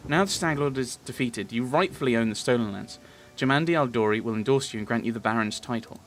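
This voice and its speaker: A man's voice: medium pitch, fast talker, close to an everyday voice. A man reading the lines of a proud, guarded young woman warrior from a game in his own plain voice. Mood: earnest. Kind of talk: reading game dialogue aloud.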